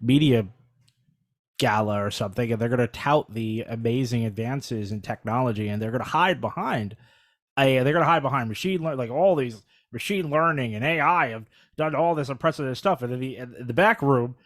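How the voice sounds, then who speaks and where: A man's voice: mid-range voice, normal speed, dry recording, clean studio sound. Rambling, wry podcast co-host, a man. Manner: rambling and wry, full of fillers and restarts. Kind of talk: casual podcast discussion.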